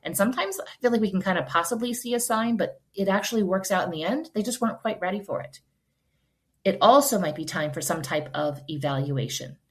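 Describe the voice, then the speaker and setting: A woman's voice: mid-range voice, animated, fairly quick. A woman in her forties, hosting a homeschool podcast and giving casual advice in an earnest, reassuring, conversational way.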